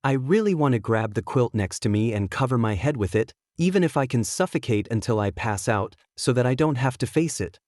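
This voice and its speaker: A man narrating a romance story in the first person, with a scripted, even storytelling delivery. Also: mid-range voice, a little fast, few pauses, dry recording, clean studio sound.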